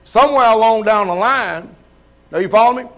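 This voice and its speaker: Speaking briskly in a high voice, a male pastor preaches live, summoning members to come up front. He keeps asking the crowd if they're with him.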